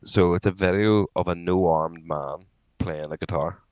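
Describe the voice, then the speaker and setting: A man's voice: deep voice, fairly even intonation, unhurried, darkish tone, clear, resonant tone, no room sound, low-quality recording. A man co-hosting a casual podcast, telling loose, sweary stories full of restarts. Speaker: podcast co-host. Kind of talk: casual chat.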